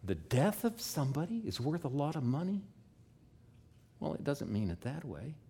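A man's voice: fairly high pitch, very animated, moderate pace, warm tone, husky. A man, likely a pastor, preaching a sermon in a folksy way with asides and rhetorical questions.

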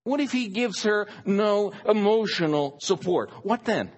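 Slow, husky preacher in a reverberant hall. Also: male voice, high-pitched, expressive. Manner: emphatic, stresses single words. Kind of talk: sermon.

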